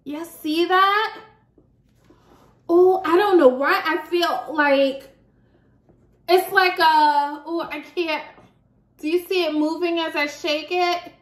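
A woman's voice: very high voice, steady tone, takes it slowly, pauses often, echoey room. A young adult woman chatting casually to her viewers as she unboxes beauty products, giggling often. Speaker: beauty vlogger.

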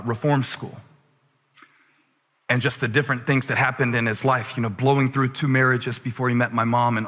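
A man preaching a sermon as a pastor, moving from quiet, conversational stretches to shouted, near-sung climaxes. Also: mid-range voice. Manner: preaching with swings from quiet talk to shouted crescendos. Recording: long reverb of a large hall.

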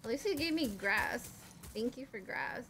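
Young woman game streamer, high bright voice, unhurried, yells at enemies, faint hiss behind. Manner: excitable, swears and screams at enemies. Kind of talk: live gameplay commentary.

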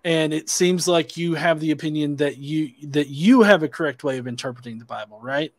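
A man's voice: a little high, a little fast, no room sound. A man debating online, probing with questions, hesitant with many restarts and fillers. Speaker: atheist debater.

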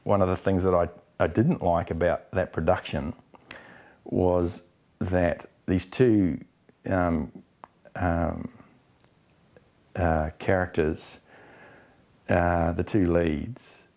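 A man from New Zealand, middle-aged, answers interview questions about his acting work in a candid, expressive way. His voice sits low and deep. He slips into quoted exchanges as he goes. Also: slow, long pauses. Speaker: actor interviewee.

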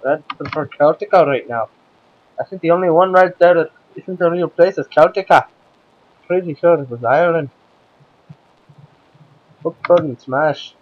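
A man's voice: on the high side, moderate pace, pauses often, lo-fi sound. A man with a Scottish accent giving playful, chatty gameplay commentary and bossing around the characters in his game. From Scotland. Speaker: let's play host.

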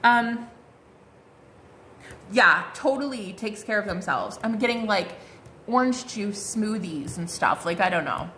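A woman's voice: mid-range voice, lively intonation, measured pace, long pauses, pushed and bright, slight background noise. A woman giving a casual tarot card reading, chatty and bubbly, full of fillers and exclamations. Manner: chatty, bubbly, lots of "like" and "oh my God".

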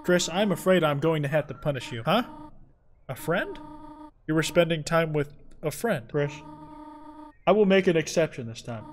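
A man voicing a gentle, formal, fussy mother in a game. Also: a little high, expressive, normal speed, long pauses, slight background noise, natural voice. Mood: scolding. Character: gentle motherly goat woman, fussy and polite.

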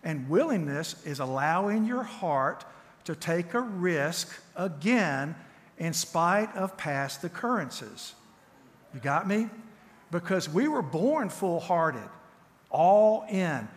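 Southern man teaching in a reverberant church. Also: high voice. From Tennessee, USA. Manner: folksy, conversational, repeats words and restarts. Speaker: guest speaker and counselor. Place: church sanctuary.

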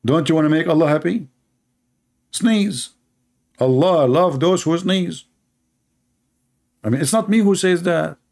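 A man's voice: on the high side, normal speed, long pauses, a little mellow. A man with an Arabic accent and Arabic as his first language, delivering a sarcastic, mocking monologue as a commentator, in broken grammar with repeated words. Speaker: Christian apologist commentator.

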